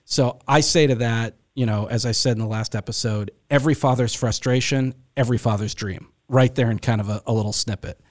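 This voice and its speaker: A man's voice: medium pitch, steady tone, brisk, hardly any pauses. A man hosting a faith podcast, talking casually with many fillers and restarts. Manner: rambling with frequent fillers. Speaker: podcast host.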